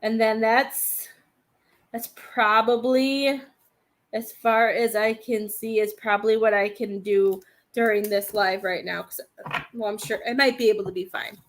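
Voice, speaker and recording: A woman's voice: fairly high pitch, steady tone, unhurried. Woman doing a live psychic reading. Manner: hesitant, thinking aloud, addresses viewers by name. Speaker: psychic medium host.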